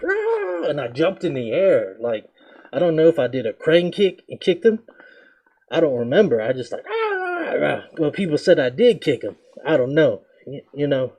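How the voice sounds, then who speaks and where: Young male vlogger, laid-back slangy storyteller with a mellow, darker voice, mid pitch, acts out the lines he quotes. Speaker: reaction video host. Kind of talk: casual storytelling.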